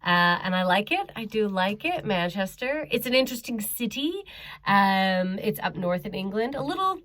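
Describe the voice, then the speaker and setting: A woman's voice: medium pitch, lively intonation, moderate pace, a bit bright. A woman doing a stand-up comedy set from her bedroom at home, chatty and self-mocking, with frequent ums and laughs. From Canada.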